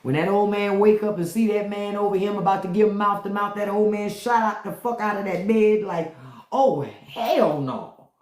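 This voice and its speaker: Brief: livestream host, casual profane chatter, laughs a lot, mid-pitched, roomy echo. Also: steady tone, fairly quick, hardly any pauses, a little mellow. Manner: loose, profane storytelling with frequent laughter and hums. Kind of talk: casual livestream chat with viewers.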